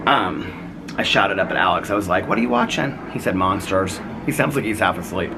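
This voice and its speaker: A man's voice: deep voice, brisk, background noise. A man in his forties chatting casually to camera at home in a rambling vlog, full of fillers and little laughs. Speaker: vlogger. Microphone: camera on tripod.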